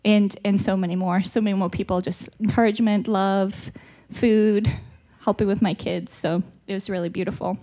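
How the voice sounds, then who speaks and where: Speaking at a church retreat, a South African woman keeps a steady, mellow, mid-range tone at normal speed, rarely pausing. Her teaching is chatty and open, her nose sounds blocked, and she laughs at herself from time to time.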